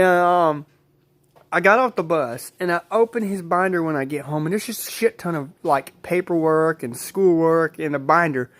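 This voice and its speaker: A man's voice: fairly high pitch, fairly bright tone. A man casually telling a personal story, rambling, repeating himself and swearing freely.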